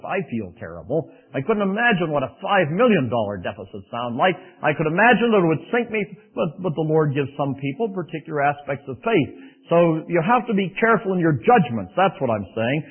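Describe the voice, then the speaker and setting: A man preaching a sermon, animated and raising his voice for emphasis, with folksy asides. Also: on the high side, a little fast, husky, phone-quality sound.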